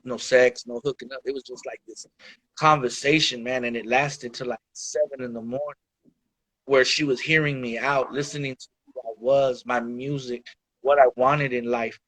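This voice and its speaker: A man's voice: mid-range voice, fairly bright tone, dry recording. A man guest on a podcast, telling his life story frankly and casually, full of slang and swearing, calling the listener "bro" and "dog". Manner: slangy and profane, peppers speech with "bro" and "dog". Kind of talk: candid storytelling in casual conversation.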